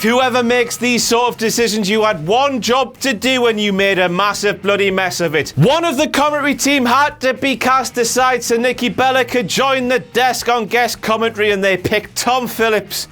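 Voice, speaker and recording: A man hosting a brash comedic rant, swearing and jumping between shouts and low mutters. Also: lively intonation, a little slow, faint music behind. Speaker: host.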